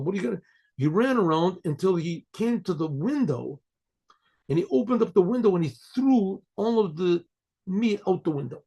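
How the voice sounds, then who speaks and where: An older man, a rabbi, telling a story to listeners, often clearing his throat and acting out the voices of the people in it. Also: high voice, lively intonation, normal speed, mellow. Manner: frequent throat clearing, acts out quoted voices. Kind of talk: storytelling talk.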